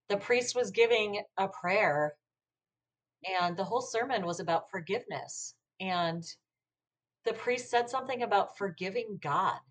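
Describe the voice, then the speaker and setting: An American woman speaking reflectively as a podcast guest, often pausing with "you know". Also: on the low side. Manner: reflective, with frequent you-knows. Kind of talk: conversational interview.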